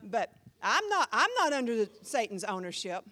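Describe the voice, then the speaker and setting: Lively high-voiced woman pastor preaching. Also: normal speed. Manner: emphatic, conversational preaching with sudden jumps in volume. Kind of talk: sermon teaching.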